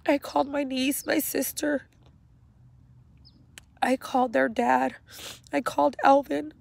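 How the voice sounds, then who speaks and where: A middle-aged woman slowly and haltingly retelling a painful memory, speaking outdoors. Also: high-pitched, flat delivery, gravelly, darkish tone, no room sound. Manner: slow, halting, emotional retelling. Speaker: grieving mother. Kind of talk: personal storytelling vlog. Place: outdoors at a cemetery.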